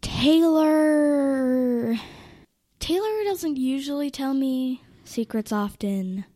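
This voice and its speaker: A teenage girl talking casually about her younger siblings, giggling and often dropping into a soft near-whisper. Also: high voice, animated, drawn-out words, no room sound. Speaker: interviewee, older sibling. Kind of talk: casual family interview.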